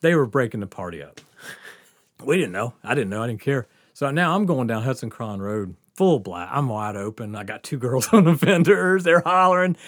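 A man's voice: medium pitch, moderate pace. A man hosting a podcast, telling a wild story in a casual, laughing, swearing way. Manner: swearing, laughing often, animated. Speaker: podcast host.

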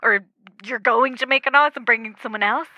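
A woman's voice: fairly high pitch, a little fast, muffled recording, natural voice. A woman with an Irish accent playing a smug artist calling in from a moon voyage, with dry, teasing delivery in an improvised comedy call-in. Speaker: guest calling in.

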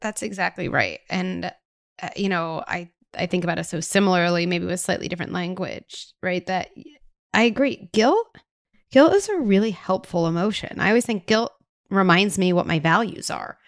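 A woman hosting a podcast who speaks thoughtfully and explains ideas clearly. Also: on the low side, expressive, normal speed, no echo, studio quality. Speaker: podcast host. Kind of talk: conversational interview.

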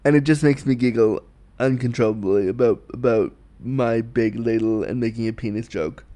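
A man's voice: mid-range voice, normal speed, mellow. A man hosting a casual solo podcast, talking candidly and bawdily in a rambling way with restarts and giggles. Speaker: podcast host.

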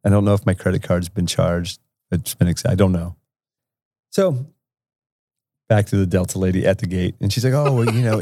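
A man's voice: low voice, brisk, dark tone, no room sound, clean studio sound. A man casually telling a rambling, profane travel anecdote, laughing often as he goes. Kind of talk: casual storytelling.

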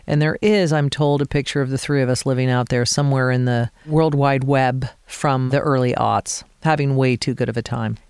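A woman from Colorado hosting a podcast, reading a scripted season wrap-up in a measured, appreciative way. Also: extremely low pitch, clean tone, no echo, studio quality. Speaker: podcast host.

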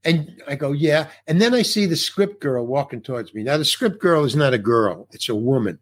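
A middle-aged actor, appearing as a guest, tells a conversational anecdote from a film set, acting out the other people's lines as he goes. His voice is fairly high-pitched and animated, at a normal pace.

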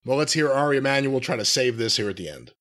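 A man's voice: mid-range voice, big pitch swings, quick pace, a bit bright, slight background noise. A man hosting a podcast in a casual way, wry and jokey as he steers the talk. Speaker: podcast host.

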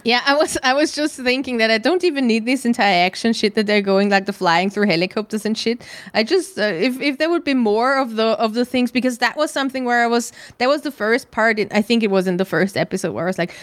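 A woman's voice: fairly high pitch, quick pace, hardly any pauses, no room sound. Rambling young woman, dry sound. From Germany. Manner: rambling, restarts, swears casually. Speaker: podcast co-host. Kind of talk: casual chat.

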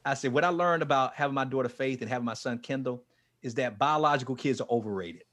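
A man in his forties, a ministry leader, telling his life story with strong emotion, dropping to a hush and then rising almost to a shout. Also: medium pitch, fast talker. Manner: passionate, swings from hushed to near-shouting. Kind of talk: emotional testimony in an interview.

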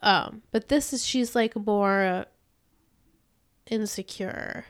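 Woman rambling through a show recap, smooth clear voice, dry close mic, laughs a lot. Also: medium pitch, slow pace, no room sound. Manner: rambling, laughs often between thoughts. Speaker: podcast co-host. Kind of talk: casual chat recapping a TV episode.

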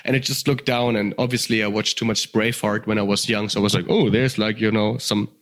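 A man from Germany with a German accent, telling a story in casual conversation, swearing freely and full of fillers. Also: fast. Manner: animated, acts out voices with sudden high pitch jumps. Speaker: guest.

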